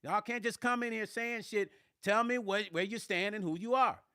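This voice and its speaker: A man's voice: sits high, normal speed, pushed and bright, clear, resonant tone, no room sound, studio quality. A man who is a musician, chatting on a live stream, answering viewers' comments in a blunt, emphatic way. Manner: emphatic, blunt, swears when riled. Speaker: musician and vlogger.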